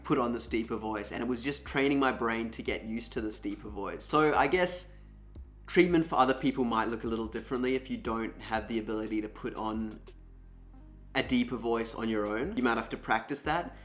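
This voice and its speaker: A young man casually telling his own story in a candid, chatty way with plenty of fillers, and his voice is smooth and low. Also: a little fast, fairly bright tone, soft background music.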